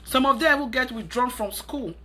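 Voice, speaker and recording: A woman's voice: sits high, moderate pace, pushed and bright, slight background noise. A woman with a Nigerian accent giving emphatic, preachy parenting advice in a monologue, repeating her points. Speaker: parenting vlogger.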